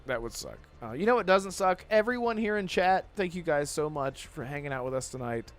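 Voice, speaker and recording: A man's voice: fairly high pitch, lively intonation, a little fast. A man hosting a casual gaming podcast, upbeat and laughing often as he thanks his chat. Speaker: podcast host.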